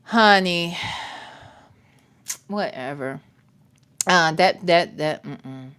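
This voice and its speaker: A woman's voice: fairly low pitch, extremely slow, fairly bright tone, clear, resonant tone. A woman hosting a late-night reaction livestream, commenting with sassy, profane asides and talking straight to her chat. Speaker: reaction show host.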